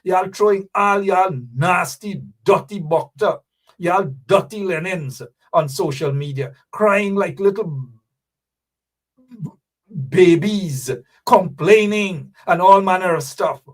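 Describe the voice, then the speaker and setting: A man's voice: sits high, takes it slowly, recorded from a distance. A man with a Guyanese accent hosting a political commentary show, ranting and scolding with rhetorical questions. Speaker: host.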